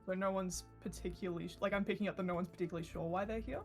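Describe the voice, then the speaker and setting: A woman's voice: fairly low pitch, fairly even intonation, rapid-fire, faint music behind. A woman playing a tabletop game, asking questions playfully and often laughing. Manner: giggly, playful. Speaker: player. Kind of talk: casual tabletop play.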